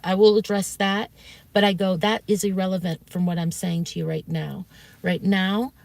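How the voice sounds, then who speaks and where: A woman streamer telling her chat about an argument in a heated, profane way, often acting out quotes. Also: on the low side. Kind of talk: casual storytelling to stream chat.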